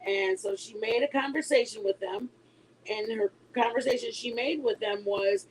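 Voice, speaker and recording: A woman in her forties, a mother, telling a story to her online viewers in a casual, animated way. She is emphatic and laughs often as she talks. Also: a little high, normal speed, slight background noise, low-quality recording. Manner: animated and emphatic, insisting she is not lying.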